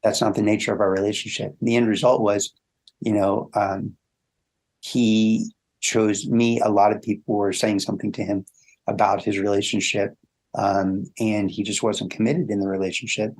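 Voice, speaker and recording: A man speaking as a relationship coach in an interview, telling stories animatedly and acting out quoted thoughts. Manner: animated storyteller, acts out quoted thoughts in a higher voice. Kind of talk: conversational interview.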